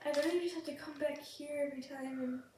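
A woman hosting a gaming podcast, chatting casually and excitably while she plays, giggling often and sounding sick. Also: sits high, fast talker, soft background music. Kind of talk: casual gameplay chat. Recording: very echoey room, distant mic, faint hiss.

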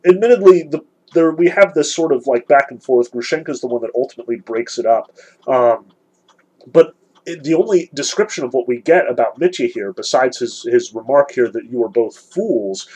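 A man's voice: mid-range voice, darkish tone, husky, poor audio. A man giving an earnest literature lecture, reading passages and analyzing them, emphatic with frequent restarts.

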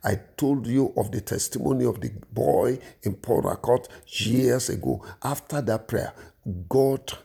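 A man's voice: mid-range voice, unhurried, gravelly, dark tone, husky. A man, preaching and praying with fervor, repeating phrases as he builds. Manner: fervent, repeats phrases and restarts. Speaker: pastor. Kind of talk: sermon with prayer.

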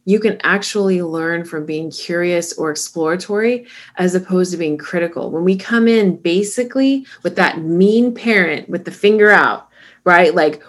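Low-voiced, calm, explaining woman. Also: normal speed. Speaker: podcast co-host. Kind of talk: casual chat.

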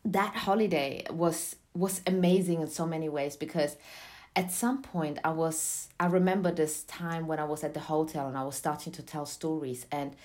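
A young woman being interviewed, telling a personal story in a lively, chatty way and laughing often. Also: low-pitched, moderate pace. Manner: animated, laughs often, acts out quotes. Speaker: interview guest. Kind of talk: casual storytelling in conversation.

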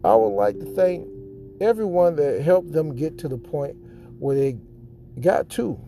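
A man with a very dark, mellow tone that sits a little high in pitch. He tells his story earnestly and dramatically, repeating lines for effect. Soft guitar music plays faintly behind him. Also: sing-song, a little slow. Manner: earnest, heartfelt. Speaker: podcast host. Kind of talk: emotional sports fan monologue.

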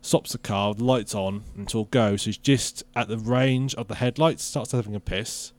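A man's voice: fairly low pitch, moderate pace. A man, co-hosting a podcast and acting out the lines of the people in his stories. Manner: animated storyteller acting out quotes. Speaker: podcast co-host. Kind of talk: casual chat.

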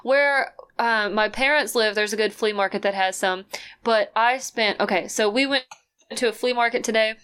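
A young woman on a casual book podcast with a smooth, clear voice pitched a little high. She rambles through her stories, with plenty of fillers and little laughs along the way. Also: normal speed, a bit bright. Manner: rambling, filler-heavy, giggly. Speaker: podcast co-host.

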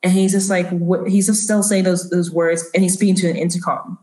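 A woman narrating as game master, halting with many restarts. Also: on the low side, level tone, warm tone. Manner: halting, full of restarts and fillers. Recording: roomy echo.

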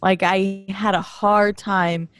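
A woman chatting about movies on a podcast, frank and given to laughter and swearing. She talks at an unhurried pace in a dry, close sound. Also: medium pitch, level tone, a bit bright, dry recording. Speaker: podcast co-host. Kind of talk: casual chat.

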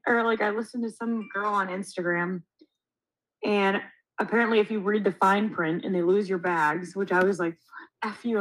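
In a low-quality recording, a young woman with a medium-pitched voice co-hosts a podcast. Animated and freely profane, she tells a story casually and acts out the quotes.

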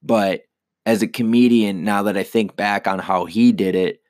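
Low, dry-voiced man ranting casually. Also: fairly even intonation, moderate pace, a little mellow, dry recording. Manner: profane, rambling and self-critical. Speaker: stand-up comedian. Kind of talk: casual monologue.

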